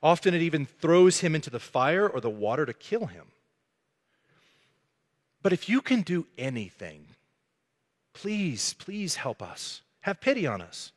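A man voicing a desperate father who pleads slowly and earnestly for his sick son. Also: on the high side, lively intonation, natural voice. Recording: echoey hall.

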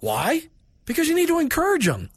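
A man's voice: very high-pitched, wildly swooping pitch, a little fast, dry recording. A man giving a direct, plainspoken talk with practical management advice, in an instructive, conversational way.

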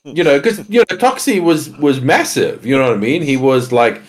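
A man's voice: medium pitch, expressive, moderate pace. A man co-hosting a casual podcast chat, rambling and swearing freely as he rants. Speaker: podcast co-host.

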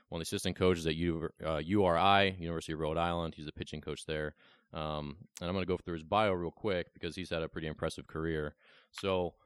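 A young man hosts a casual podcast interview, his voice very low and smooth. The sound is dry and close, and he ribs his guest with easy joking banter. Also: no echo. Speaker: podcast host. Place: Bloomington, Illinois, remote call.

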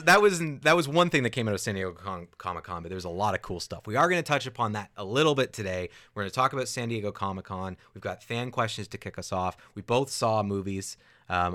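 A young adult man co-hosting a podcast, chatting casually in an animated, rambling and sarcastic way. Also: fairly low pitch. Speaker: podcast co-host. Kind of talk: casual chat.

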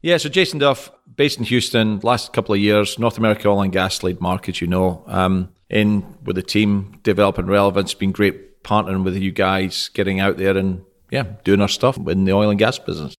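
A man's voice: sits low, fairly quick, few pauses. A man from Scotland with a Scottish accent, a podcast guest who jokes and makes fun of himself. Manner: self-deprecating, joking. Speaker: guest, business team lead. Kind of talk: casual podcast chat.

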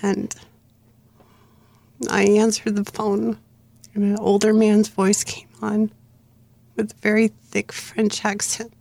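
Gravelly middle-aged woman telling her story. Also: mid-range voice, slow pace, long pauses, no echo. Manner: earnest, plain-spoken, steady narration. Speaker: memoir author guest. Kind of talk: personal storytelling interview.

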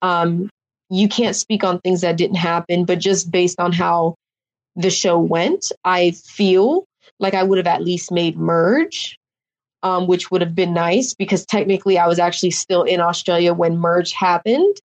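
A young woman recounting her experience as a contestant in a casual, emotional interview. Her voice sits slightly low. She rambles, fills her sentences with little fillers, and circles back on her thoughts. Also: fairly even intonation, a little slow. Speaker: reality show contestant, guest.

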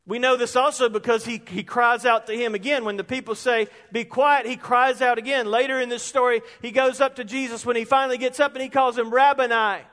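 A man, preaching an animated sermon that rises into shouts. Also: extremely high pitch, fairly quick, few pauses. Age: 50s. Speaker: pastor. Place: church sanctuary. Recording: long reverb of a large hall.

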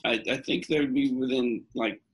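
A man's voice: mid-range voice, normal speed. A man in casual podcast chat, telling long rambling stories with many restarts. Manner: rambling storyteller, restarts a lot.

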